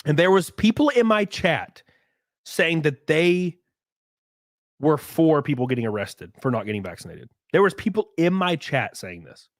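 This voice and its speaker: Animated, stuffy Southern man ranting. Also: on the high side, moderate pace, dry recording, studio quality. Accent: Southern US, Alabama. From Alabama. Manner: animated, profane, mocking. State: stuffy runny nose. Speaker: streamer host. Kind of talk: casual livestream rant.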